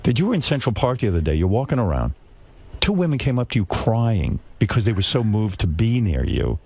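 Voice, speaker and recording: A man's voice: on the low side, very animated, a little fast, vocal fry, warm tone, slight background noise. A male radio host interviewing a guest with brash, teasing and crude questions.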